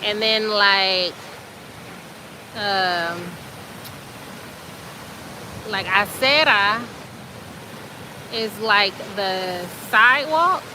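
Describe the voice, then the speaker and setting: A woman host telling a story in a casual, chatty way, animated and colloquial with plenty of fillers. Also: mid-range voice, drawn-out words, pauses often, noisy background.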